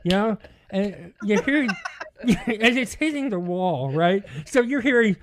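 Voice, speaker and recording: A man telling a rowdy story in casual podcast chat, animated and often laughing through his own words. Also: high voice, slow, a little hiss or hum.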